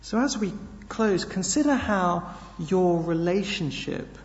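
A man's voice: high voice, animated, in a large hall, dull audio. A man preaching a sermon, earnest and emphatic, leaning hard on key words. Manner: earnest, emphatic, slow with sudden stresses.

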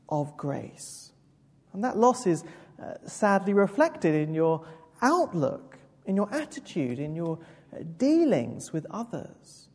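A woman's voice: mid-range voice, breathy edge. A woman preacher giving a sermon in a church, telling the story vividly and addressing listeners directly. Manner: vivid, expressive storytelling with asides. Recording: echoey hall with long reverb.

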